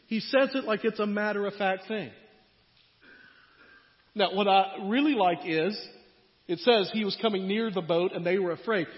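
A man preaching a sermon in a conversational way, his voice swinging between loud and quiet. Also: high voice, moderate pace, long pauses. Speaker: pastor. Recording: muffled sound in a reverberant hall.

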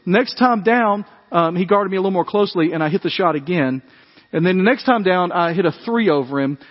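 A man preaching a sermon, telling animated family stories in a conversational way and acting out the voices. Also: sits high, a little fast, long reverb tail, muffled recording. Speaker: pastor. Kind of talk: sermon storytelling.

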